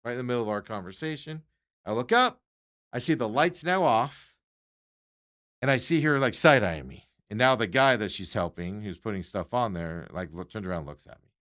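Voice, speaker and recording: Male podcast host, casual storytelling, lively up-and-down pitch, exasperated, acts out other people's lines. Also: brisk. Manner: animated, exasperated retelling of an everyday run-in.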